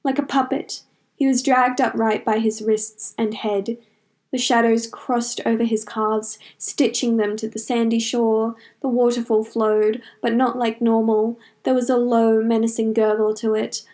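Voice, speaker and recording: A woman narrating a fantasy fanfiction story in a measured, dramatic storytelling manner. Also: medium pitch, darkish tone. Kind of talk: audiobook fanfiction reading.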